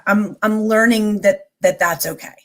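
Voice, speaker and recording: Give me a woman guest chatting openly, rambling a bit as she thinks aloud. Her voice sits at an ordinary middle pitch. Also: unhurried, fairly bright tone. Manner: open, rambling, with many fillers and restarts. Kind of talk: casual conversational chat.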